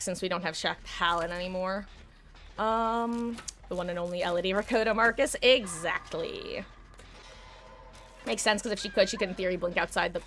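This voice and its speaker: A woman's voice: medium pitch, fairly bright tone, slight background noise. A woman live-streaming a video game, chatting casually and explaining tactics to her viewers. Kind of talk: casual gameplay commentary.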